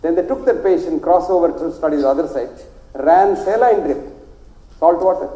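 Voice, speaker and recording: A man's voice: fairly high pitch, animated, normal speed, dark tone, roomy sound, poor audio. A man from South India who is a doctor, speaking with a South Indian accent and giving an emphatic, repetitive health lecture.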